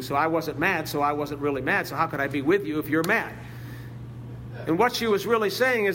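A male preacher with a high-pitched voice delivers a sermon. He tells stories with heartfelt feeling and recites scripture from memory. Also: fairly quick, a bit bright, slight background noise. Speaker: visiting preacher.

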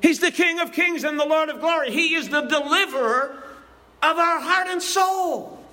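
A male preacher with a strikingly high voice delivers an impassioned sermon in a church. His tone is bright and forceful, and he hammers points home with repetition and a rolling preaching cadence. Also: moderate pace. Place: church building.

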